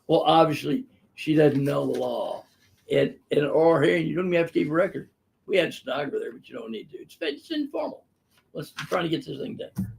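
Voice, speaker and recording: Gravelly older man, blunt and emphatic. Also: a little high, very animated, brisk, darkish tone. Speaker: physician host answering viewer questions. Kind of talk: live webinar storytelling. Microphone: live webinar microphone.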